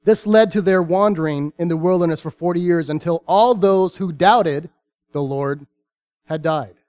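A man preaching a sermon, reading scripture aloud with earnest, deliberate pauses. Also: on the high side, darkish tone, clean tone.

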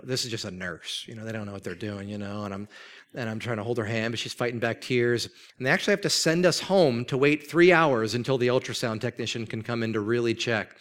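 A man in his thirties preaches in a casual, earnest sermon voice at an ordinary pitch for a man. He acts out quoted speech with sudden jumps in pitch. He turns quiet and low when telling of loss. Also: smooth. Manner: drops soft and low when telling of grief. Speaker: pastor.

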